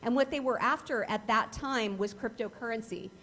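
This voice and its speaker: A woman's voice: on the high side, normal speed, fairly bright tone, a little hiss or hum. A middle-aged woman giving an earnest, emphatic talk to a club as a guest speaker on cybercrime, often repeating phrases for stress.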